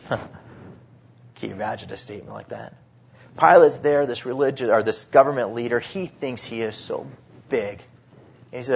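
A man preaching a sermon, swinging between hushed, drawn-out phrases and sudden emphatic bursts. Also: medium pitch, vocal fry, breathy edge. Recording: dull lo-fi sermon recording.

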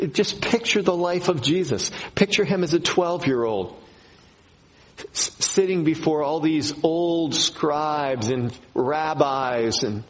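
A man preaching a sermon to his congregation, slow and emphatic, repeating key phrases. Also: on the high side, poor audio. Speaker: pastor.

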